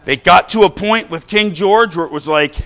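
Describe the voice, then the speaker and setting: A middle-aged man preaching a fiery sermon, exhorting the crowd with repeated lines and sudden bursts of shouting. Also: high voice, normal speed. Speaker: pastor.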